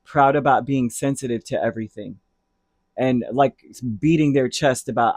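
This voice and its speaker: A man's voice: medium pitch, moderate pace, no echo. A man giving a casual tarot reading, talking in a rambling, chatty way that drifts into heated asides. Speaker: tarot reader.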